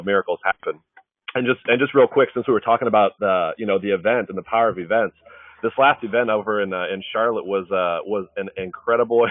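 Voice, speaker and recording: Fast-talking earnest man, tinny dry line. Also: fairly low pitch, no echo. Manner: fast, earnest, keeps asking "right?". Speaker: webinar presenter. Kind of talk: motivational sales talk.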